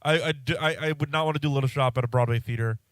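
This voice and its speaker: Rambling congested man, smooth dry voice. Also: fairly high pitch, fast, a bit bright, dry recording. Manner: rambling, self-interrupting, swears casually. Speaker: podcast host. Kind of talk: casual solo podcast chat.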